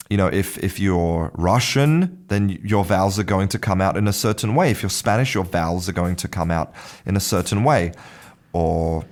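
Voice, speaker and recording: A man's voice: lowish voice, a little mellow. A man hosting a language podcast, teaching pronunciation in a casual, thinking-aloud monologue with frequent restarts and chuckles.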